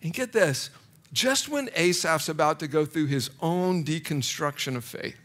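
A man's voice: on the high side, lively intonation, normal speed, fairly bright tone. A man preaching a casual, self-deprecating sermon to a live audience, full of fillers and restarts. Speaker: pastor. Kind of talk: conversational sermon.

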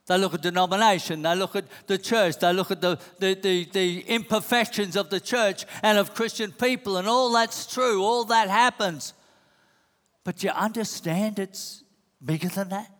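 This preacher's voice is high and a bit bright, moving at a moderate pace. He stresses the same rhetorical questions repeatedly, recorded in a church hall with long reverb.

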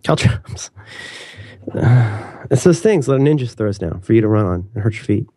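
A man in his thirties co-hosting a podcast, chatting casually in a rambling, animated way. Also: lowish voice, a little fast, slight background noise. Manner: rambling, self-interrupting, animated. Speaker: podcast co-host. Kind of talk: casual chat.

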